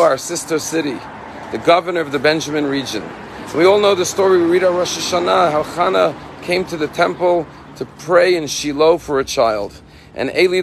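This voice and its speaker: Earnest rabbi telling a story, gravelly. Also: male voice, a little high. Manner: earnest storyteller, slows down on key points. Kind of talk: short Torah lesson with storytelling. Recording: faint street and car noise behind.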